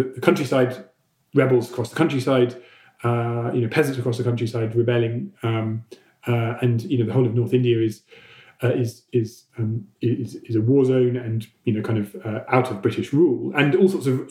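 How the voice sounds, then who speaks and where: A man's voice: mid-range voice, darkish tone, echoey room. A man, a historian, explaining history off the cuff on a podcast, with many fillers, repeated words and restarts. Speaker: historian answering listener questions.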